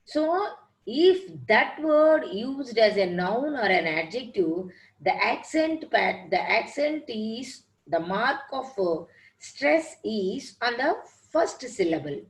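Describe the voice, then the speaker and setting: Brief: woman, teacher, slow and deliberate, repeats herself patiently for an online class. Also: a little high, very animated, low-quality recording. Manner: patient, repeats points and examples. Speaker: English teacher. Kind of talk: online lecture.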